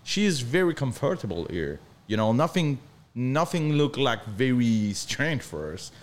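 A man from northern France with a French accent, talking as a guest in halting English full of restarts. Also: medium pitch, sing-song. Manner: halting non-native English, frequent restarts, earnest. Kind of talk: casual chat.

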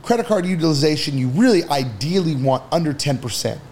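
A man's voice: fairly high pitch, animated, fairly quick, darkish tone, a little hiss or hum. Blunt-talking man giving money advice. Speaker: entrepreneur guest. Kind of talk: casual podcast chat.

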